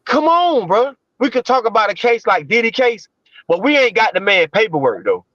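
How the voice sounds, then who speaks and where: A man's voice: high-pitched, big pitch swings, moderate pace, fairly bright tone, dry recording, muffled recording. A man co-hosting a livestream, giving emphatic, slangy commentary and repeating his points. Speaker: livestream co-host. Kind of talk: casual streetwise commentary.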